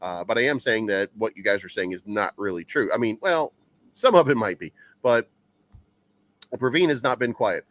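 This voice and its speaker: A man's voice: fairly low pitch, expressive, moderate pace, fairly bright tone. A man hosting a crypto news channel, reading headlines aloud and rambling through them with stammering repeats and many fillers.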